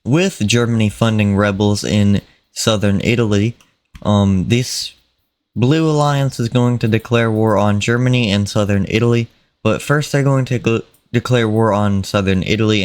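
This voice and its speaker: A man casually narrating an imagined war over a map, unhurried and plain, with fillers and mock quotes. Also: on the low side, steady tone, clean tone, no echo.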